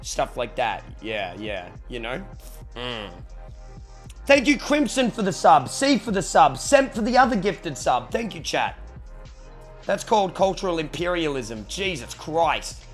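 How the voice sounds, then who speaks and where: Streaming live, this Australian guy casually talks with his audience, cursing occasionally and thanking people for subscribing. He sounds a little high and sing-song, keeps a measured pace, and soft music runs in the background.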